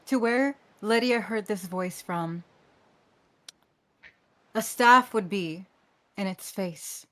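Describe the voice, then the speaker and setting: Slow, careful woman describing her character. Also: mid-range voice, a bit bright. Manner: careful, descriptive, some hesitation. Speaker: player. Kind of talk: narrating her character's actions.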